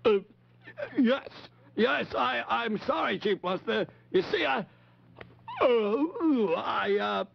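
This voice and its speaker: Fretful puppet, very high, gravelly, lively swoops, dull old TV audio. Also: male voice, full character voice. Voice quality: high creaky raspy voice. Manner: stammering, fretful. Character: timid nervous male puppet posing as a chief. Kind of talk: 1950s children's TV puppet show.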